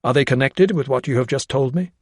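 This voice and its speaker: Narrator doing a keen young doctor, polite but pushy questions, soft-ish, dry mic. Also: male voice, mid-range voice, fairly quick, dry recording, natural voice. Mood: insistent. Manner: polite, quietly insistent questioning. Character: earnest, probing young male doctor.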